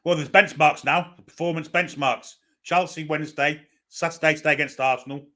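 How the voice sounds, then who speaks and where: A man's voice: fairly high pitch, fairly even intonation, a little fast, bright, forceful tone. A man co-hosting live fan commentary on a football match, chatty and jokey, sometimes swearing. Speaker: fan channel co-host.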